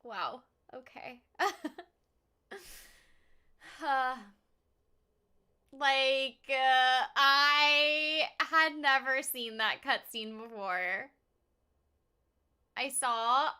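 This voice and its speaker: A woman's voice: high voice, slow pace, pauses often, pushed and bright, clear, resonant tone. A young woman live-streaming a game in casual chat, teary and near crying, laughing and sighing between her words. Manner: emotional, tearful, laughing between sentences.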